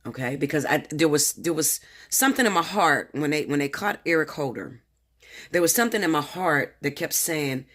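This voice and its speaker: A man's voice: fairly high pitch, expressive, moderate pace, a bit bright. A man working as a tarot reader, talking casually to his viewers at home late at night, nervous and rambling, stammering and swearing freely in slang. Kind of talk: casual direct-to-camera talk.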